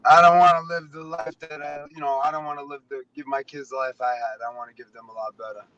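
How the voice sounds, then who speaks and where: A man talking loudly and emphatically in a casual chat, calling in. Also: a little high, steady tone, fast talker, highs cut off. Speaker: caller.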